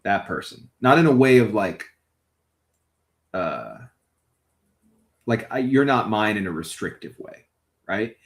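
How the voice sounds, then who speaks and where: Guy doing a blunt, tender partner, low voice, swears a lot, real earnest. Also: big pitch swings, slow pace, pauses often, exaggerated voice. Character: man named Croy, caring blunt partner. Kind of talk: tabletop role-play in character.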